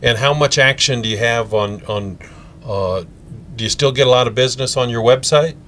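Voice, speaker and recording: A man's voice: medium pitch, normal speed, fairly bright tone, a little hiss or hum. A man from Colorado hosting a local TV interview show, asking friendly, chatty, leading questions. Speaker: TV show host.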